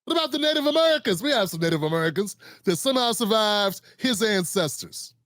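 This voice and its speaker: A man's voice: high voice, lively intonation, fast, fairly bright tone, no room sound, studio quality. A man hosting his own show, ranting in a heated, mocking political commentary. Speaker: host.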